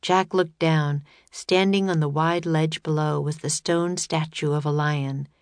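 Audiobook narrator, woman, low-ish voice, steady storytelling, close and dry. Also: a little slow, clean tone, no echo.

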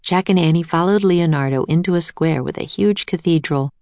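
Lady reading a kids' chapter book, lowish voice, dry close mic. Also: a little fast, darkish tone, no echo. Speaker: narrator. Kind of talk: audiobook narration of a children's book.

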